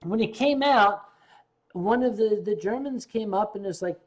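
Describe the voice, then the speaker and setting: A man's voice: sits high, a little slow. An older man, a vlog host, telling rambling anecdotes in casual storytelling style with asides to his viewers.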